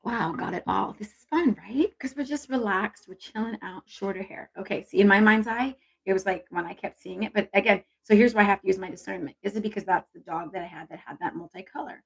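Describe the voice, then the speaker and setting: A woman with a gravelly, husky voice hosts a relaxed livestream, chatting warmly and affectionately with her viewers. Her pitch sits at an ordinary middle height. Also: brisk, few pauses. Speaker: intuitive reader and livestream host. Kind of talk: casual livestream chat.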